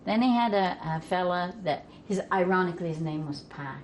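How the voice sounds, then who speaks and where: A woman's voice: fairly low pitch, expressive, brisk, darkish tone, slight background noise. An older woman from Vermont, telling family stories in a casual, folksy way and laughing along with them. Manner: folksy, laughs through her own stories. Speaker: storyteller guest.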